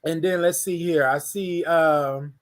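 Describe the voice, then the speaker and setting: A man from Houston hosting a casual morning livestream, greeting viewers and hyping up the chat. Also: on the high side. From Houston, Texas. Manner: energetic, hypes the chat, drawn-out sung greetings. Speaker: livestream morning show host.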